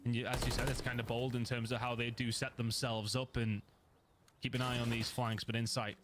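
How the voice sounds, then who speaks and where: A man giving rapid, excitable play-by-play commentary on an esports match, voice rising sharply on big plays. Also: medium pitch, slight background noise. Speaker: esports caster.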